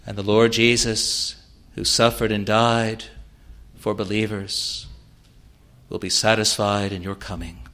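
A man preaching a sermon, earnest, swelling loud on key words and then dropping to a soft, quiet close. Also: on the low side, flat delivery, measured pace.

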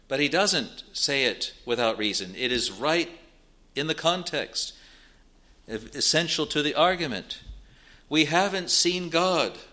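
Slow, bright-voiced male preacher. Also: medium pitch. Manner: measured, deliberate preaching, quoting King James scripture. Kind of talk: sermon.

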